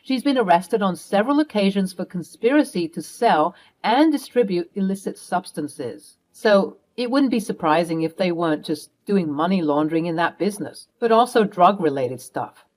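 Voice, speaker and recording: A woman's voice: lowish voice, expressive, normal speed, few pauses, a little mellow, close to an everyday voice. This is a fierce, protective mother, played by a woman, cutting and commanding. Her lines come out firm and hard-edged, with no room for argument. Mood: serious. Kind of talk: storytime role-play.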